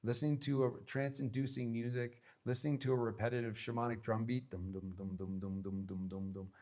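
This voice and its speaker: A man's voice: medium pitch, darkish tone. A man giving an instructional talk on spiritual practice, earnest and emphatic, with many repeated phrases. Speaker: spiritual teacher.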